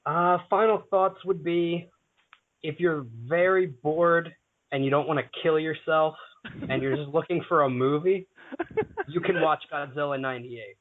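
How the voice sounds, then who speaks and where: Man, podcast panelist, blunt and animated, slightly high, dry tinny audio. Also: a little slow. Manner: animated, swearing, exasperated retelling. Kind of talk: casual podcast chat.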